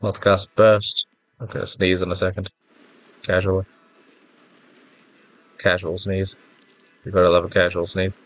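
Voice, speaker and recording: A man with a low, stuffy-nosed voice offers rambling, self-mocking gameplay commentary as a gaming YouTuber, easily thrown off. His pitch barely moves, his pace is moderate, and he leaves long pauses. Game music plays faintly in the background.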